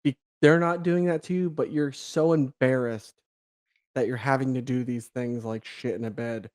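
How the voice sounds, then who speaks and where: A young man tells a personal story as a podcast guest, acting out the other people's lines and laughing along. He talks casually and swears freely, with a voice of ordinary male pitch. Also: normal speed. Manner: animated, acts out quoted dialogue, laughs, swears casually.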